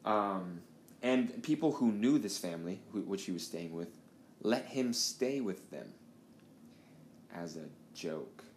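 Speaking slowly, a man with a low, darkish voice and lively intonation hosts a podcast, telling a casual, rambling story full of swearing. The recording has room echo and faint noise.

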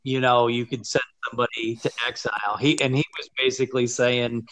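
A man's voice: medium pitch, a little fast, hardly any pauses, a bit bright, poor audio. A man who hosts and produces the show, asking open questions in a casual interview and adding behind-the-scenes anecdotes. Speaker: host and producer.

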